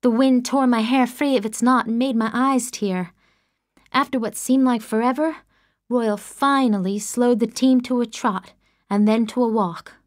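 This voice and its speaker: A woman narrating an audiobook in the first person, measured and expressive, close to the mic. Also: fairly high pitch, no echo.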